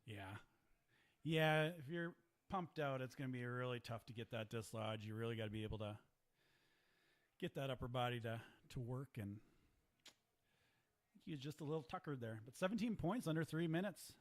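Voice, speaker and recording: A man's voice: mid-range voice, moderate pace, pauses often. A man giving live play-by-play commentary at a ninja competition, chatty and joking with his co-host.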